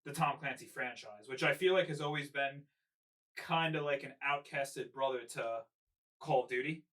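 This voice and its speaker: Bright-voiced man a little off mic. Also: medium pitch, moderate pace, distant mic, rough recording. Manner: relaxed, thinking aloud with many ums and likes. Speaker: podcast co-host. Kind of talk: casual podcast chat.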